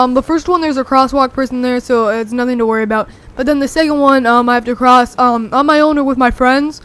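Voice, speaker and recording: A young teenager rambling excitedly through a story with many fillers, talking over gameplay. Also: high voice. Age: young teen. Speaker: gameplay commentator.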